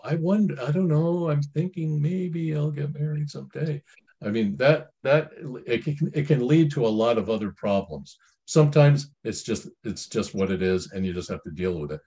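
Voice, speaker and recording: In a lowish voice with a somewhat dark tone, a middle-aged man gives casual Christian advice on family life. His remarks on a reading are loose and folksy, full of false starts and side comments.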